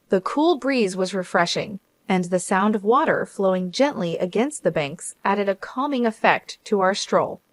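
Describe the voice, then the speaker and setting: A woman's voice: medium pitch, dry recording. Woman narrating a story, dry close sound. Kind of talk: scripted first-person story narration.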